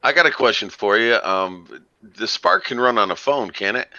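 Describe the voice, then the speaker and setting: Bright-toned man on a dull line. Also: lowish voice, lively intonation, normal speed. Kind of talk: casual live chat. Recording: muffled, lo-fi call audio.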